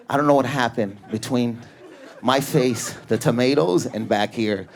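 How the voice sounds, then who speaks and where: A man's voice: mid-range voice, moderate pace. A man doing stand-up comedy on a club stage, telling stories with frantic, raging energy and sudden shifts in tone. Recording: live club with crowd laughter.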